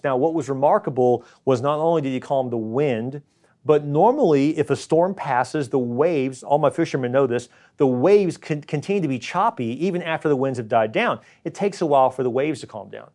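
A middle-aged man preaching a sermon as pastor, earnest and encouraging, now and then acting out worried voices. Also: darkish tone. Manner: earnest, acts out worried voices in a higher pitch.

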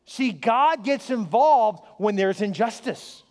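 A male pastor with a very high voice tells stories from the pulpit and keeps asking his listeners questions. His speech is conversational. It rings out with a long reverb, as in a large church hall. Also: lively intonation, brisk. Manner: storytelling, conversational, asks the crowd questions. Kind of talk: sermon.

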